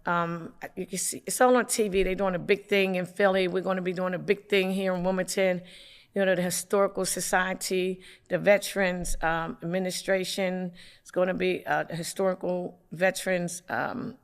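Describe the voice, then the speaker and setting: A councilwoman from hosting a local community TV show, with the hiccups, making announcements in a halting way with many fillers. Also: on the low side, fairly even intonation, clear, resonant tone. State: has the hiccups.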